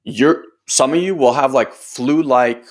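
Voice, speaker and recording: A man's voice: mid-range voice, measured pace. A man hosting a group training talk as a coach, speaking casually and loosely, with lots of fillers and the odd swear word. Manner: acts out other people's voices in quotes. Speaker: host and personal growth coach.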